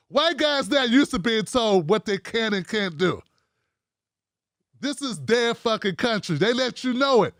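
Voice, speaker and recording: A male vlog host giving political commentary, profane and mocking. His voice sits high for a man and swings widely, and he speaks slowly with a dry, close sound. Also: lively intonation, a bit bright, dry recording.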